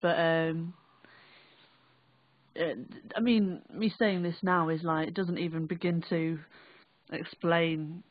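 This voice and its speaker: A young woman with a Northern English accent, recalling an experience in a halting, rambling, sweary way. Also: lowish voice, fairly even intonation, dry recording. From England. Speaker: vlogger. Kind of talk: casual first-person recollection. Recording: dry, tinny phone-like audio.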